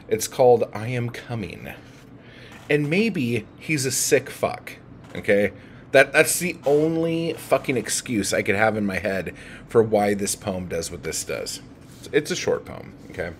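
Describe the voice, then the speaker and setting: Irritated male book vlogger, lowish voice, unhurried and profane, with a faint background hum. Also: big pitch swings. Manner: agitated, heavy swearing. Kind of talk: profane rant to camera.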